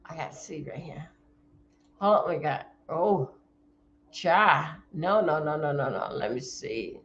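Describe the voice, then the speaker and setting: A woman streamer rambles and jumps in excitedly, her low voice swinging widely in pitch. The recording is echoey and dull, like a lo-fi room mic. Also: measured pace, slight background noise. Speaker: livestreamer. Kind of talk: casual livestream commentary.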